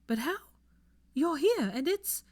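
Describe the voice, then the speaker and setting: A frightened young woman, as read by a woman narrator, speaks in high, strained bursts. The sound is close and dry. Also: very animated, takes it slowly, a little mellow, dry recording, heavily acted. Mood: bewildered.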